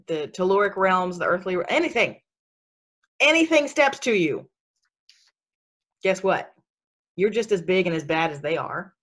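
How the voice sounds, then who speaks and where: A woman's voice: on the low side, a bit bright. A woman talking casually about spiritual matters, chatty and sassy with lots of fillers and frequent laughter. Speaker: spiritual speaker. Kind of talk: casual podcast chat.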